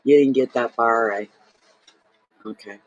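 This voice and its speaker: A man's voice: mid-range voice, measured pace, lo-fi sound. A man, a tarot reader and channel host, talking to camera in an emotional, rambling, heartfelt way. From Saint John, New Brunswick, Canada. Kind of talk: casual personal monologue to camera.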